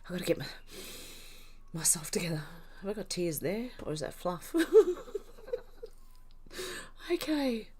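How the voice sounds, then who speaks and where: A woman's voice: lowish voice, big pitch swings, normal speed, long pauses, a little mellow, a little hiss or hum. An older woman hosting a casual livestream, reading chat comments while laughing helplessly to the point of tears. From Australia. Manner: laughing helplessly, snorting, breathless giggles. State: tearful from laughing. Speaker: livestream host.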